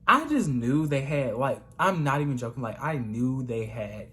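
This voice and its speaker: A man's voice: medium pitch, animated, normal speed, fairly bright tone. A young man telling a casual storytime vlog in a chatty, gossipy way, often calling the listener "girl". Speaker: vlogger.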